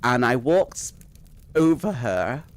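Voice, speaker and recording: A man's voice: medium pitch, sing-song, slow. A young man casually telling a rambling personal story, swearing freely and laughing at it as he goes. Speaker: streamer.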